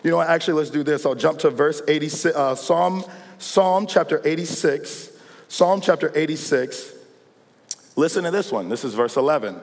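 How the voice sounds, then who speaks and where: A man's voice: a little high, moderate pace. Man preaching a chatty sermon in a hall. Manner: conversational and humorous, calling for responses. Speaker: pastor. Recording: long reverb in a large hall.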